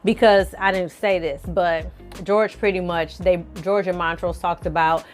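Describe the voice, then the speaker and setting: A woman vlogger recapping a TV episode in casual, lively chat, calling her viewers y'all and honey. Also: on the low side, measured pace, soft background music. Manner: animated, colloquial, addresses viewers as y'all and honey. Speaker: film review vlogger.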